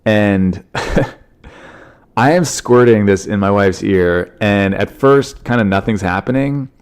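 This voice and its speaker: A man's voice: on the low side, takes it slowly, clean tone. Sniffly man rambling through a story. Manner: animated, rambling, frequent fillers. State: congested from a cold, sniffling. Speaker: podcast host, comedian. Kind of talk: casual solo podcast storytelling.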